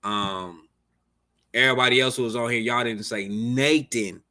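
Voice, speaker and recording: A man's voice: mid-range voice, moderate pace, pushed and bright. A man hosting a live music review, talking casually in loose slang with plenty of swearing. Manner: loose, profane, laid-back slang. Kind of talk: casual livestream chat.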